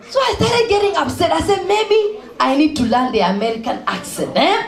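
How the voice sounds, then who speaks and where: A woman telling comic stories on stage, acting out the people in them and laughing and shouting as she goes. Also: sits high, big pitch swings, a little fast. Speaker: stand-up comedian and spoken-word poet. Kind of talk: stand-up storytelling with poetry. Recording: echoey room.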